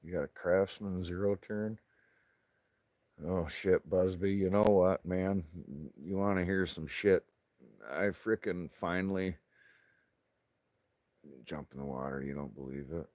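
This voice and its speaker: Deep, slow-talking man chatting casually. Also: fairly even intonation, darkish tone, dry recording. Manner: laid-back, swears constantly, laughs often. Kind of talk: casual profane chat.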